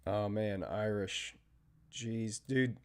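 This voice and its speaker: American guy streaming live trades, low voice, rambly and casual with lots of ums. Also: smooth. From United States. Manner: chatty, thinks aloud with fillers and trailing pauses; steady technical market commentary. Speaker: trading livestream host.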